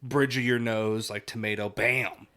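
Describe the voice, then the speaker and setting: A man co-hosting a podcast, chatting casually about a film, animated and laughing often, with many fillers. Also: on the low side, a little slow. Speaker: podcast co-host. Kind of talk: casual film review chat.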